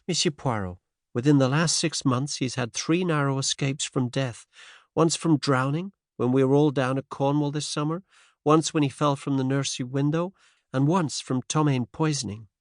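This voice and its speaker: A man's voice: medium pitch, normal speed, dry recording, clean studio sound, voice pushed up, lightly acted. A male narrator voicing a determined American woman of about thirty with a faint American accent, earnest and worried. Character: determined American wife and mother around thirty. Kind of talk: audiobook character voice.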